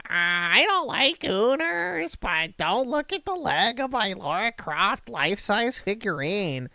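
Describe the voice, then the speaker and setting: A man putting on a shrill, screeching voice to parody a hypocritical young woman, slow and sneering. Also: very animated, vocal fry, pushed and bright, no room sound, exaggerated voice.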